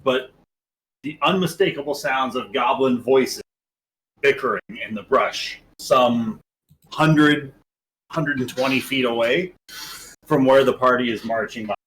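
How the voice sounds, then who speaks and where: A man running a tabletop game as game master, narrating in a casual, halting way. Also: mid-range voice, a bit bright, slight background noise, rough recording.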